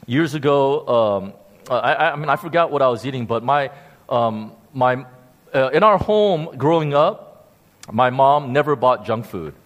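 A man preaching a sermon, telling a story with animated emphasis and frequent repeated words. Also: medium pitch, unhurried, dull audio. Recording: long hall reverb.

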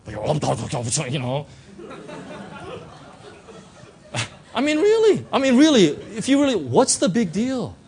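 A man's voice: high voice, huge pitch swings, moderate pace, vocal fry, hardly any pauses, darkish tone. A man preaching a sermon as pastor, talking conversationally with many fillers and rhetorical questions. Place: church.

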